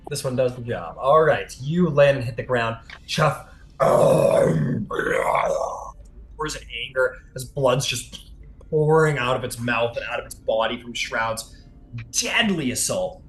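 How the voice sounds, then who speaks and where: A man's voice: mid-range voice, expressive, slow pace, echoey room, soft background music, rough recording. A man running a tabletop game as game master, narrating loosely with lots of fillers and the odd swear.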